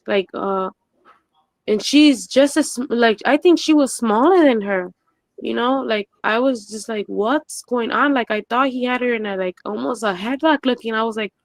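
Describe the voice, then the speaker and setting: A woman's voice: a little high, moderate pace, no room sound. Brief: woman guest, eyewitness, rambly filler-heavy speech, dry close sound. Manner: rambling, many "like" and "you know" fillers. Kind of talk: live stream interview, recounting.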